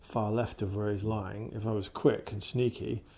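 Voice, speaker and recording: Dog trainer, male, lowish gravelly voice, soft coaxing delivery, indoor camera audio. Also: normal speed. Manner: calm, soft-spoken, gently coaxing the dog. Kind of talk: casual running commentary during a dog session. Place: indoors, in a room with the dogs.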